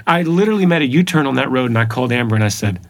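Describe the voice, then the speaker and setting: A man's voice: medium pitch, very fast, gravelly. A man, sharing a personal faith testimony in an earnest, emphatic way. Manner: earnest, emphatic storytelling with repeated phrases. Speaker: podcast guest.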